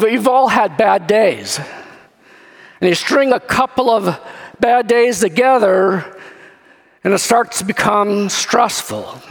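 A man preaching a sermon as pastor, telling a story in a lively way and acting out scenes. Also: high-pitched, gravelly. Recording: long hall reverb.

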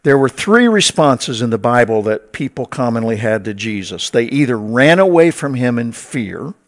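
A man's voice: medium pitch, very animated, moderate pace. A man preaching a sermon as pastor to his congregation, in a conversational way with wry asides.

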